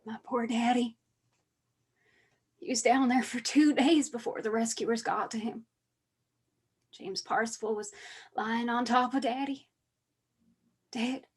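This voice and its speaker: Husky miner's daughter, played by a woman, mournful and bitter, stage play. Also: on the high side, steady tone, slow pace, long pauses. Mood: sorrowful. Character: grieving adult daughter of a miner.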